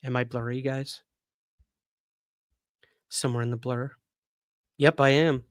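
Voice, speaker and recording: A man's voice: medium pitch, steady tone, unhurried, no room sound, studio quality. A man hosting a casual livestream, chatty and rambling with many fillers, hiccuping. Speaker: podcast host.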